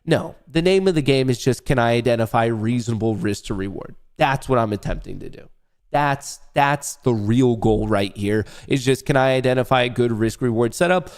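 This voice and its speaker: Here a young male day-trading streamer speaks in a mid-range voice at normal speed. He offers casual live trading commentary, staying loose and joking, swearing, and addressing chat directly.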